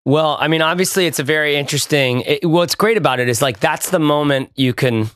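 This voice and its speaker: A man co-hosting a podcast, talking casually in a halting, affirming way. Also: fairly high pitch, fairly bright tone, clear, resonant tone, dry recording, studio quality. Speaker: podcast co-host.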